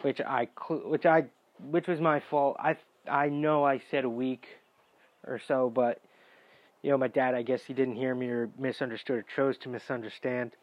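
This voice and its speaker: A man's voice: medium pitch, fairly even intonation, normal speed, no echo. Young male vlogger, exasperated and profane, storytelling; dull mic, dry room. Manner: profane, exasperated, bursts into shouting. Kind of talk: casual storytime rant.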